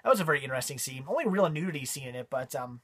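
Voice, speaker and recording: A man's voice: medium pitch, lively intonation, racing, fairly bright tone, breathy edge. A man giving a casual spoken movie review, rambling with frequent ums and repeated words.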